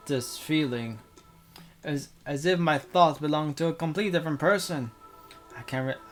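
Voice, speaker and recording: A young man reading a visual novel aloud into a desk microphone, breaking off for rambling casual asides. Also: mid-range voice.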